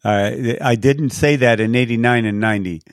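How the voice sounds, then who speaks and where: A man's voice: medium pitch, moderate pace, dry recording, clean studio sound. Older man, race announcer telling stories. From San Diego, California. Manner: animated, acts out quotes with lifted voice. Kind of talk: storytelling interview answers.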